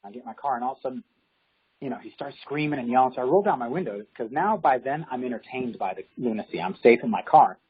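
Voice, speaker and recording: A man, a real estate agent, chatting casually in an interview and telling animated stories. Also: medium pitch, fast, husky. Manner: animated, acts out quoted voices. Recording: dull lo-fi audio.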